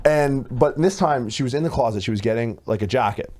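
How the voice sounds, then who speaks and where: A man in his thirties co-hosting a podcast, telling a story in casual chat, animated and swearing, acting out what others said. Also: medium pitch, a little fast. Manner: animated, swearing, acts out quoted voices loudly. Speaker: podcast co-host.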